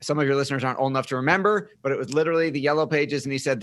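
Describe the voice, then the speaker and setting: A man's voice: mid-range voice, racing, a bit bright, no echo. A middle-aged man, a podcast guest, telling his life story in an upbeat, joking interview style. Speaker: podcast guest, marketing firm founder.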